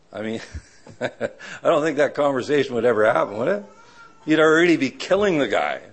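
Middle-aged male preacher, lively pitch, chatty sermon with acted-out voices. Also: moderate pace. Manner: conversational, asks the audience "right?" often; acts out quoted people with sudden high voices. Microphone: live audio of a church talk.

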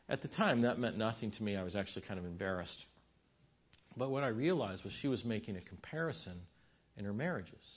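A man's voice: fairly low pitch, husky. A man teaching a marriage seminar in a church, speaking in a folksy, conversational way and telling stories with asides and restarts. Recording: slightly dull lo-fi recording.

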